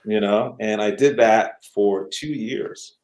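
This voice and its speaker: A middle-aged man from Canada, a guest musician telling stories in a conversational, animated way. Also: on the low side, slow. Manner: animated, acts out quoted voices. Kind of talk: conversational storytelling. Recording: echoey room.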